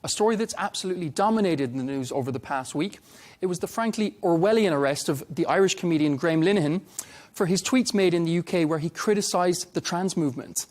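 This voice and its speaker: Direct interviewer, higher-pitched man. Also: quick pace, darkish tone. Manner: direct, pointed questioning. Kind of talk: interview questions.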